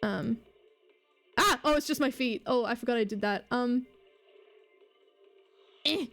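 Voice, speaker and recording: A woman's voice: on the high side, a little slow, faint music behind. A woman live streamer in casual, rambling chatter, swearing and mocking herself as she goes.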